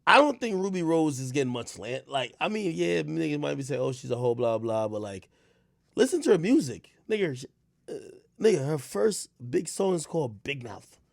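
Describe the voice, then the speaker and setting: A young man in casual reaction commentary, telling stories with lots of fillers and sudden bursts of shouting. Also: fairly high pitch, normal speed, gravelly, no room sound, clean studio sound. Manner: animated storytelling with frequent fillers, bursts of shouting. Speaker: streamer commentator.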